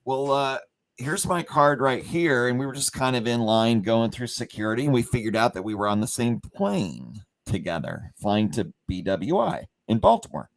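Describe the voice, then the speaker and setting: Hosting a company livestream, a man tells a rambling story in a sing-song, creaky voice at normal speed, barely pausing. Fillers and restarts pile up as he acts out quoted lines with big jumps in pitch during this casual storytelling chat.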